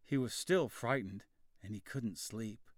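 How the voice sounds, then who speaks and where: A man reading a children's story aloud, slow, clear and expressive. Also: on the low side, dry recording, studio quality. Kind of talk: storybook narration.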